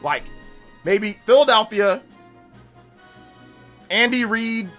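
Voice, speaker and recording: A man's voice: high-pitched, slow, a bit bright, soft background music. A male streamer talking casually on a live stream, arguing emphatically with his chat. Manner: emphatic, argumentative, talks back to chat.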